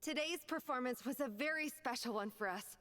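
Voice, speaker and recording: A woman's voice: high voice, a little fast, a bit bright, long reverb tail, a little hiss or hum. An actress playing a polite woman announcer at a ballet, who speaks formally and graciously.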